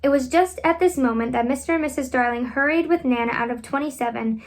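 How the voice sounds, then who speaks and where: A woman reading a children's classic aloud at home, expressive and animated, lifting her voice for the children's lines. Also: sits high, fast talker. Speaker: reader.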